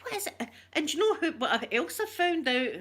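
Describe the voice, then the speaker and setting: A middle-aged woman with a Scottish accent, an ASMR livestreamer reading comments, has a high-sitting, very animated, fairly bright voice at normal speed. She chats casually with her live viewers, rambling, laughing a lot and greeting them by name.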